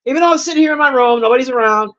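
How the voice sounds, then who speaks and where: A loud, brash woman in her fifties chatting casually on a live stream from her room, teasing and roasting her viewers. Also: sits high, very fast, lo-fi sound. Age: 50s. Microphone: own desk mic.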